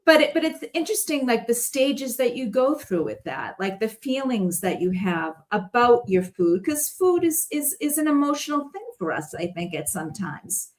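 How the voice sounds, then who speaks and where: A woman guest telling stories in a casual chat, rambling and animated and laughing often. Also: on the high side, moderate pace, hardly any pauses.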